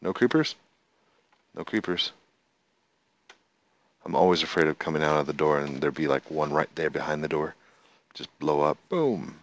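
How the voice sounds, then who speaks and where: A man's voice: very deep voice, fairly even intonation, normal speed, long pauses. A man giving casual commentary on his own gameplay, chatting to himself, counting aloud and talking to the animals on screen. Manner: talks to the in-game animals. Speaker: gameplay video host.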